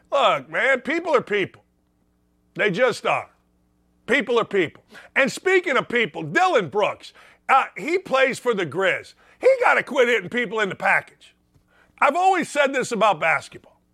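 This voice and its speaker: A man's voice: high voice, bright, forceful tone, dry recording, clean studio sound. A middle-aged man hosting a sports talk show, ranting through an opinionated monologue with folksy exclamations.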